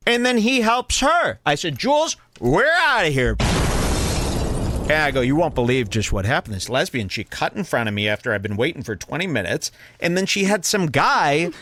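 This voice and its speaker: Animated man telling a comic story. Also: fairly high pitch, moderate pace, a little hiss or hum. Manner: animated, mimics people in stories. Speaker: podcast co-host. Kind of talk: casual comedic storytelling.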